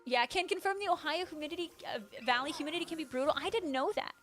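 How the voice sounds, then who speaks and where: A woman's voice: sits high, quick pace, fairly bright tone, soft background music. A woman livestreamer casually chatting and answering her chat, full of "like" fillers and bursts of surprise.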